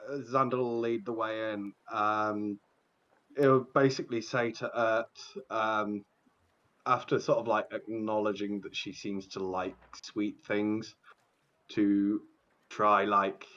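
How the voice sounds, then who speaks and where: A man playing in a tabletop game, unhurried and laughing easily. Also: on the low side, a bit bright, highs cut off. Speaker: player. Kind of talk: casual tabletop game play.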